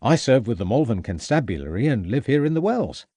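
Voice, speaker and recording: Guy doing a chirpy country constable, bit higher and louder, audiobook. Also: very animated, brisk, dry recording. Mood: hearty. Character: hearty local village constable, cheerful.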